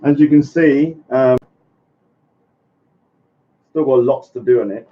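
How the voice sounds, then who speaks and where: A man chatting casually on a live stream, rambling and halting with many fillers and greeting viewers by name. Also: medium pitch, slight background noise. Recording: muffled lo-fi stream audio.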